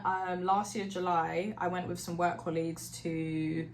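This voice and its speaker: Woman, podcast guest, lowish voice, chatty, roomy sound. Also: level tone, a little slow. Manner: bubbly, laughs easily, chatty. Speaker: guest, hiking group founder. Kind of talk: casual podcast chat. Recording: roomy, faint background noise.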